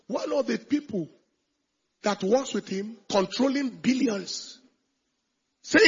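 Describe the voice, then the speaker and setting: A male pastor preaches emphatically, swinging between shouted lines and quiet asides. His voice is very high and strongly raspy, with a tense, forceful edge. The recording sounds dull and lo-fi. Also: a little slow, long pauses. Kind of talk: sermon.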